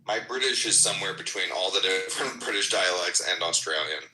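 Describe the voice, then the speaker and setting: A man's voice: sits low, fairly quick, pushed and bright, faint music behind, poor audio. A young American man in loose casual podcast chat, laughing often and swearing freely.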